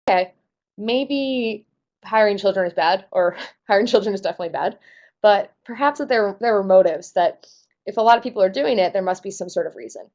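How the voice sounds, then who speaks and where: A woman's voice: mid-range voice, darkish tone. Young woman, test prep tutor, casual explainer, wry asides. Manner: casual, self-deprecating, talks through answer choices.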